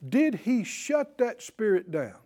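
Speaking slowly in a high voice, a preacher tells animated stories and performs the dialogue, drawing responses from the congregation as he calls out to them.

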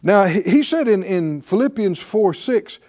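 A man's voice: high voice, expressive, a little slow, dark tone. A man preaching a sermon as pastor, drawing responses from the congregation with rhetorical questions and repeated key phrases.

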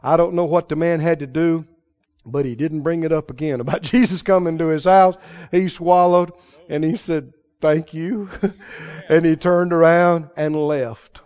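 A man's voice: fairly high pitch, steady tone, normal speed, darkish tone, muffled recording. A male preacher delivering a fervent sermon, calling out to the congregation and stressing his points.

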